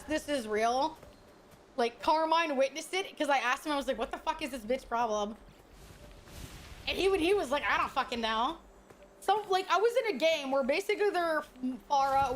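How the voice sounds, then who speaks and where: Animated high-voiced woman streamer. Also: slight background noise. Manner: animated, swears freely, exclamatory. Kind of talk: casual storytelling on stream.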